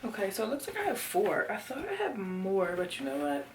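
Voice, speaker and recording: A woman in her twenties vlogging casually from her bedroom, expressive and talking straight to her viewers, sometimes dropping to a whisper. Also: medium pitch, brisk, over loud music. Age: 20s. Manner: expressive, talks to viewers as y'all, drops into whispers. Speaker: lifestyle vlogger. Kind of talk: casual chatty vlog talk to the camera. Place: bedroom at home, indoors.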